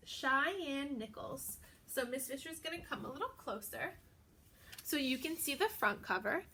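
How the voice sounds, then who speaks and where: Slow sing-song female preschool teacher. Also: high-pitched, sharp tone. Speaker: pre-K teacher. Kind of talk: video lesson for young children.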